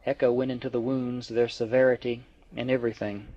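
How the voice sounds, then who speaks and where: A man reading a novel aloud in a steady, even narrating voice. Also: medium pitch, fairly quick, no room sound. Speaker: audiobook reader. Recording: dry, dull lo-fi.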